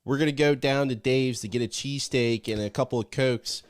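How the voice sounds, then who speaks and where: A man's voice: medium pitch, steady tone, brisk, clear, resonant tone, natural voice. A man putting on an exaggerated Delaware County, Pennsylvania accent to play an everyday local guy. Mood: hamming.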